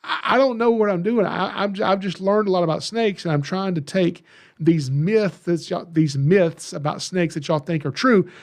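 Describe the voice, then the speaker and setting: In a high-sitting voice with a darkish tone and moderate pace, a middle-aged man from Georgia talks in a Southern accent. As a podcast host and snake educator, he offers a casual monologue of folksy, self-deprecating stories.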